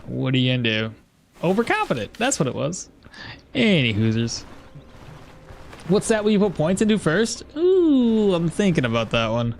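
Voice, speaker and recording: A man giving casual let's-play commentary, chatty and jokey, thinking out loud as he plays. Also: on the high side, huge pitch swings, moderate pace, gravelly, slight background noise. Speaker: gameplay commentator.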